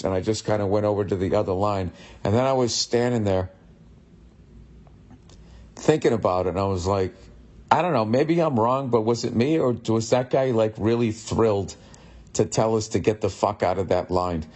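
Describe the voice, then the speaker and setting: A man's voice: fairly low pitch, normal speed, darkish tone. A man telling an exasperated, profane comedic story on his podcast. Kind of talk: casual comedic rant.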